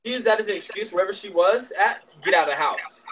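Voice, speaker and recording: A man's voice: high voice, quick pace, sharp tone, poor audio. A man in casual chat giving blunt, profane advice to a friend.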